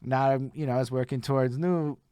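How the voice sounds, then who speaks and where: A man hosting a casual livestream interview, speaking in a relaxed conversational way. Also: mid-range voice, a little fast, clean tone, dry recording, studio quality. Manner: relaxed conversational, gives stream shout-outs. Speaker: host.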